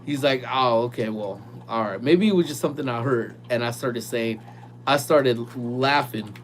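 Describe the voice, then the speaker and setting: A man vlogging from his workplace early in the morning, telling a ghost story in a loose, animated way full of "like" and "dude". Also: mid-range voice, normal speed, a little hiss or hum. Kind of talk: casual storytelling.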